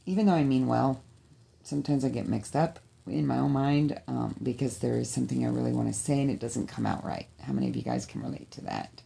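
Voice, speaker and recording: A woman's voice: extremely low pitch, a little fast, gravelly, mellow. A woman talking straight to her viewers in a personal vlog, heartfelt and pleading, with a rising emotion near tears. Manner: heartfelt, pleading, repetitive exhortations. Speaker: vlogger.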